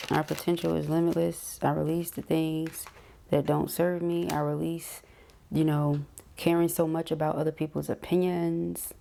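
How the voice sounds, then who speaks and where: Low gravelly woman reading tarot. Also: warm tone, a little hiss or hum. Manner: chatty, emphatic, repeats phrases, talks to viewers directly. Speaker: tarot reader. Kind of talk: casual spoken tarot reading.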